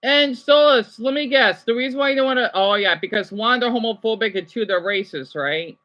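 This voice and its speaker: A man's voice: very high-pitched, brisk, muffled recording. A young man reading viewers' chat comments aloud and answering them on a casual livestream. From United States.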